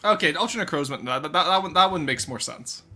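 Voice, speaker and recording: An excitable streamer reacting to chat live, with a bright, forceful voice that swings widely up and down and curses freely between laughing fits. Soft music plays faintly underneath. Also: medium pitch, fast talker.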